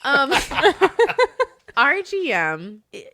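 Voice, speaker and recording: A woman's voice: high-pitched, drawn-out words. A woman who manages a hotel front desk, telling a story in a casual chat, laughing often and acting out the people she quotes. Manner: animated, laughs often, acts out quoted dialogue.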